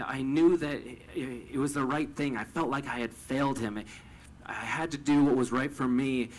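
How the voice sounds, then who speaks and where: A young Canadian man tells a personal story in a medium-pitched voice, stammering over repeated words. His volume swings from hushed to loud with emotion, and the recording quality is low.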